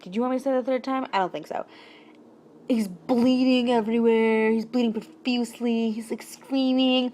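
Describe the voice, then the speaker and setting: A woman vlogger telling a childhood story in casual, animated and jokey storytime narration. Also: a little high, fairly quick.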